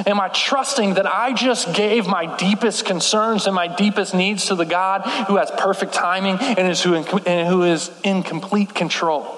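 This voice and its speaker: A man's voice: high voice, fairly bright tone. A man preaching a sermon in a casual, slangy way, often saying "like". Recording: echoey hall with long reverb.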